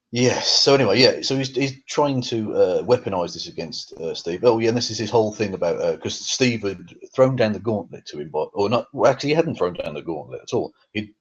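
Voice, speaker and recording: A husky man delivering a profane, irritated commentary, full of fillers and restarts. His voice sits low, and the recording is dull and lo-fi, like a cheap home mic. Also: lively intonation, fairly quick. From England. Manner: angry, sweary, with many fillers. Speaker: YouTube commentator. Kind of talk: ranting commentary on a feud.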